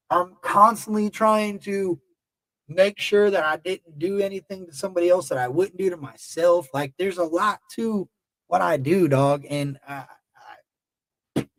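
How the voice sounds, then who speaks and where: A man with a high-pitched voice talks straight to his livestream chat, blunt and heated, swearing freely. He rambles and circles back on himself. The sound is dry, with no room echo. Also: fairly bright tone. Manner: emotional and heated. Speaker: YouTube livestream host. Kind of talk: casual livestream talk to chat.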